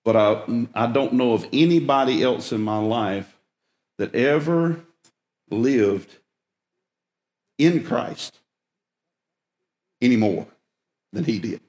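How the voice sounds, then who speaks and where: A man's voice: mid-range voice, takes it slowly, pauses often, darkish tone, roomy sound. A man preaching a sermon as a pastor, emphatic, rising when he stresses a point.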